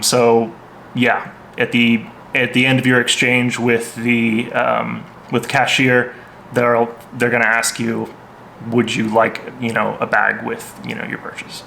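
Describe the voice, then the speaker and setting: A man's voice: medium pitch, fairly bright tone, slight background noise. A man giving a casual vocabulary lesson, hesitant, with lots of ums and restarts. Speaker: language teacher.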